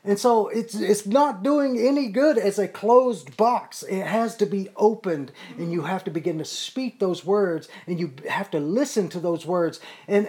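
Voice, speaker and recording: Earnest Bible study leader, steady voice. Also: medium pitch. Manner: earnest, repetitive, self-correcting. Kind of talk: casual Bible study teaching.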